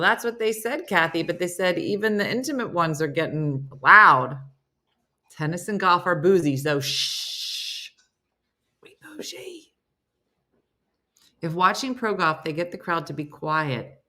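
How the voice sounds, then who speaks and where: A woman's voice: medium pitch, bright, forceful tone. A woman hosting a casual live-stream chat, reading viewer comments aloud and answering them. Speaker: host.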